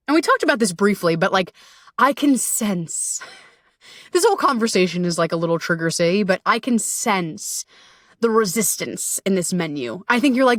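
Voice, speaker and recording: A woman's voice: mid-range voice, big pitch swings, normal speed, no room sound, studio quality. A woman in her thirties hosting a casual solo podcast. She talks in a playful, chatty way with frequent swearing and asides. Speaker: podcast host.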